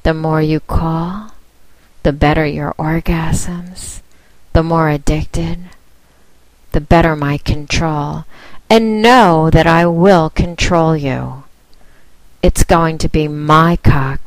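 A woman with a low voice delivers a sultry recorded phone-line ad at a very slow, drawn-out pace. She sounds teasing and commanding, sometimes sinking to a whisper. The recording is dry and close. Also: no room sound. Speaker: adult phone-line performer.

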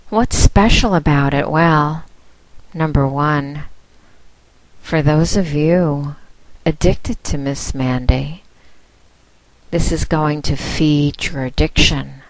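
Slow, low-voiced sultry woman. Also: no room sound, rough recording. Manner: slow, teasing and commanding, dropping at times to a whisper. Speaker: adult phone-line performer. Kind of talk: sultry recorded phone-line ad.

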